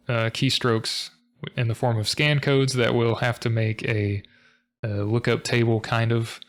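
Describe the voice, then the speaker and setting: Tired, monotone man with a gravelly voice. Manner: low-key, monotone, self-described as not very expressive; rambling with frequent ums and soft laughs. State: tired late at night. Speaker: programming tutorial host. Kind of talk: casual screen-recorded coding talk.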